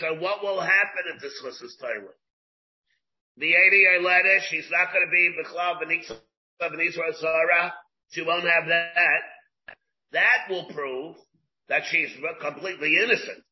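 A man, a rabbi, teaching a Talmud class, explaining slowly in English dotted with Hebrew and Aramaic terms, with many restarts. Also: a little high. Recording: dull lo-fi class recording.

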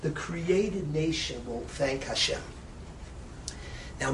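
A man giving an impassioned sermon as a rabbi. He swings between loud emphasis and soft, hushed phrases, and repeats lines for stress. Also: a little high, a little hiss or hum, low-quality recording.

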